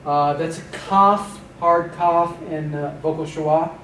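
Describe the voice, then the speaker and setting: A man teaching a vocabulary lesson, slowly pronouncing each word and pausing for students to repeat. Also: a little high, steady tone, fairly bright tone. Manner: slow, patient, repeats each word with pauses. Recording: echoey room, voice a bit far from mic, faint hiss.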